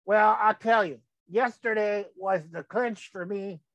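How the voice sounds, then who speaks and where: A man's voice: sits high, a little slow, a bit bright, no room sound, lo-fi sound. An older man hosting his own show, rambling in a folksy way as he comments on photos. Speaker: podcast host.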